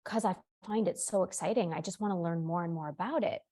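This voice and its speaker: A woman voicing a calm, kind man who softly reassures a frightened caller. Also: fairly low pitch, close to an everyday voice. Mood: earnest. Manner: soft, slow, soothing.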